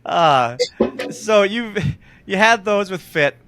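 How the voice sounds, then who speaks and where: Bright-voiced man hosting a podcast chat. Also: high-pitched, animated, slow pace, slight background noise. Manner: chuckling, encouraging interviewer. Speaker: podcast host. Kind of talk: casual interview chat.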